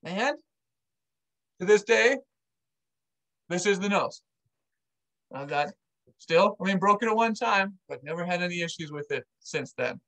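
A man's voice: sits high, animated, unhurried, pauses often, pushed and bright, low-quality recording. A man, an army veteran, casually telling a personal story to camera and acting out the dialogue with animation.

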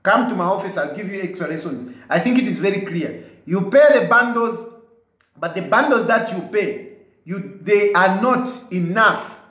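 A man's voice: high voice, lively intonation, normal speed, a bit bright, roomy sound, rough recording. A man with a Zambian English accent, replying to viewer comments in an emphatic, combative way that keeps repeating his points.

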